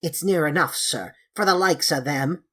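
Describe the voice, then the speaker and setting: A woman voicing a gruff, stubborn male manservant who speaks in a country dialect and drops his g's. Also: low-pitched, normal speed, fairly bright tone.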